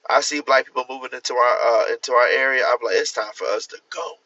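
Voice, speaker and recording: A man's voice: mid-range voice, fast, pushed and bright, far from the mic. A man, chatting casually and animatedly on a livestream, laughing and acting out the voices he quotes. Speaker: livestream host. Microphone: phone. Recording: dull lo-fi phone audio.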